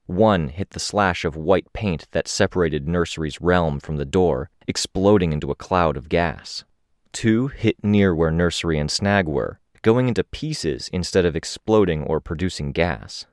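A man narrating a first-person story in a steady, descriptive reading. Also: sits low, measured pace, dry recording, studio quality. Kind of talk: audiobook narration.

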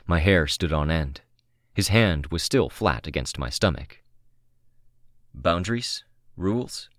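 A man narrating a novel in the first person, calm and measured, close to the microphone. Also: a bass voice, no room sound. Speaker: audiobook narrator.

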